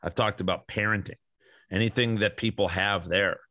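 A forceful man in his forties rants as a podcast host, blunt and heavy with swearing. His voice sits low yet comes out pushed and bright. The mic is close and dry, with no room sound. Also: steady tone, normal speed, no room sound. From American Midwest. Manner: blunt, profane and fired up. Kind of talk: ranting monologue.

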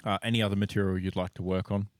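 An Australian man co-hosting a podcast, dropping wry deadpan quips in casual chat. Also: sits low, very fast, no room sound, studio quality. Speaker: podcast co-host.

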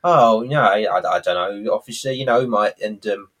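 A man putting on a cheeky, fast-talking male market trader. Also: on the low side, fairly bright tone, voice pushed down. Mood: evasive.

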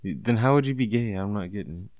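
A man's voice: lowish voice, fast talker, darkish tone, no room sound. A man hosting a podcast, firing blunt teasing questions in crude casual banter. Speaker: podcast host.

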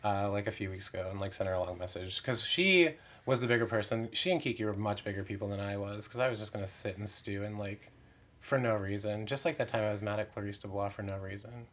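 Chatty drag performer, low voice. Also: male voice, fast talker, fairly bright tone. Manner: chatty, candid, frequent "like" fillers, self-mocking. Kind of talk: casual interview chat.

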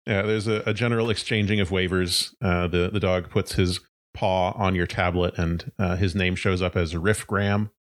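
A man serving as game master, narrating a tabletop game in a relaxed, descriptive way. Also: low voice, moderate pace, no room sound.

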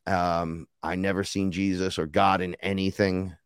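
A man with a low-pitched voice tells a sprawling personal story on an interview podcast, heard close and dry. He talks casually and swears freely, acting out each line of quoted dialogue. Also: flat delivery, measured pace, smooth, no echo. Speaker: podcast guest, rapper and shaman.

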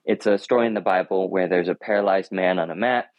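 Teenage boy, interview guest, earnest, thoughtful, low voice, dry sound. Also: fast talker, no echo, dull audio. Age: teens. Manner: thoughtful, earnest, with frequent restarts. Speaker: high school runner and guest.

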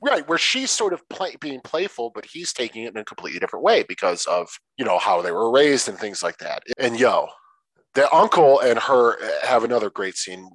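A man in a casual film-discussion chat, relaxed and swearing freely, stretching out words for emphasis. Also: medium pitch, a little fast, no room sound, low-quality recording.

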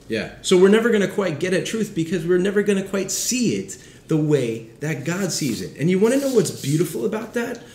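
A man in his thirties preaching a sermon as a pastor, in an animated, conversational way. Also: on the high side, roomy sound. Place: city setting with background street noise.

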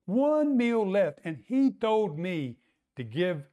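A man voicing an indignant poor widow, outraged and talking slowly in disbelief, as part of a sermon. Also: high voice, very animated, warm tone, highs cut off, full character voice.

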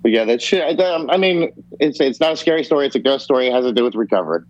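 Rapid-fire and expressive, a man with a medium-pitched voice tells a meandering, forceful personal story on a podcast, swearing without restraint. It's casual storytelling heard through dull, lo-fi podcast audio.

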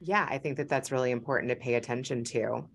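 A woman's voice: very deep voice, fast talker, creaky, slightly rough. A woman hosting a podcast interview, enthusiastic and encouraging toward her guest. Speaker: podcast host. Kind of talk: casual interview.

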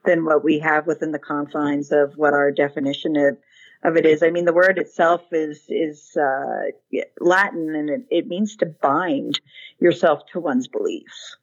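A woman's voice: low voice, steady tone, measured pace, lo-fi sound. A woman researcher answering interview questions in a thoughtful, rambling way, with many fillers and restarts. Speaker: researcher guest.

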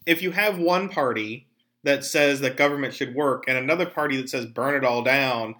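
A man hosting a podcast, talking casually about politics with animated, jokey asides. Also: medium pitch, moderate pace. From Pennsylvania. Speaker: podcast host.

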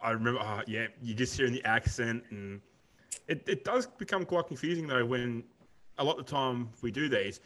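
Australian man, casual podcast chat, rambling, laid-back, keeps saying mate, mid-pitched voice. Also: lively intonation, normal speed, a bit bright. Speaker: podcast co-host.

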